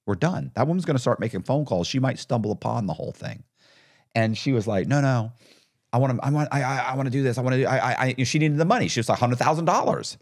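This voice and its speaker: Lively-voiced man telling stories. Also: mid-range voice, fast talker. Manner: animated, acts out others' lines in quotes. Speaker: podcast guest, former con artist. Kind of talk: casual storytelling interview.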